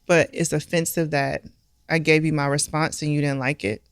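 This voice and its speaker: A woman's voice: low voice, little pitch movement, normal speed, clear, resonant tone, no room sound. A middle-aged woman, a bar owner, speaking candidly and emphatically in an interview, often using rhetorical questions. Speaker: guest, restaurant and bar owner.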